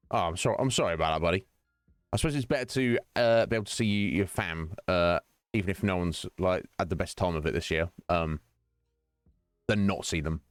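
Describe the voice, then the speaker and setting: A man's voice: lowish voice, dry recording. A male streamer chatting casually with viewers during a game stream, rambling and teasing, laughing often.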